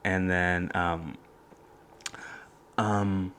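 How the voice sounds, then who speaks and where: Young dude w a deep voice, hushed rambly podcast chat. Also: male voice, flat delivery, extremely slow, clean tone. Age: young adult. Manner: soft, hushed, rambling storytelling. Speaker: podcast host. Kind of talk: casual solo podcast chat. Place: college dorm room.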